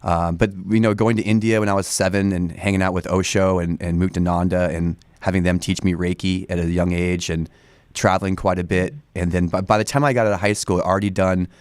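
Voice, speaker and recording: A man in his forties with a very low voice talks in a loose, rambling way, full of fillers and restarts. He is recorded close on a dry studio mic with no room sound. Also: little pitch movement, brisk, clear, resonant tone, no room sound. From Northern California. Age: 40s. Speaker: studio guest. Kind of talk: casual interview talk. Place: radio studio.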